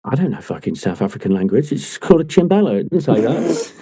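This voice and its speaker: A man co-hosting a casual football book podcast, talking in an animated way with plenty of swearing and laughter. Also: medium pitch, quick pace, breathy edge. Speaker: podcast co-host. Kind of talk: casual chat.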